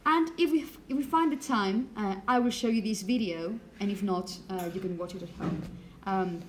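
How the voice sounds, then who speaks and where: A woman delivers a classroom lecture in a middle-pitched voice. She explains step by step and stops often to check that the students follow. Faint room noise sits behind her. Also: normal speed.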